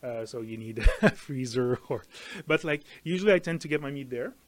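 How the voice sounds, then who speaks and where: A man's voice: mid-range voice, animated, fairly quick. Hesitant man. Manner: hesitant, many fillers and restarts. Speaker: co-host. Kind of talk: casual chat.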